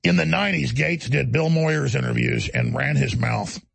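A man's voice: medium pitch, normal speed, gravelly, fairly bright tone, breathy edge, no echo. A man hosting a call-in radio show, ranting intensely and mocking others in put-on voices. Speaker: radio show host taking calls. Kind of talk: heated talk radio rant.

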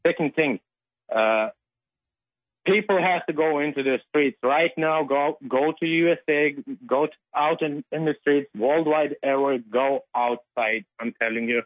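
Male phone caller, phone-quality audio, worked up and halting. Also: medium pitch, no echo. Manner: excited, shaken, halting. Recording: tinny phone line.

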